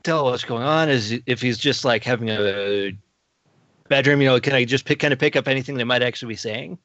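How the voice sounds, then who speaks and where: A man's voice: mid-range voice, brisk, fairly bright tone, dry recording. Male player, hesitant and stammering, dry and muffled recording. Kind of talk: casual tabletop game play.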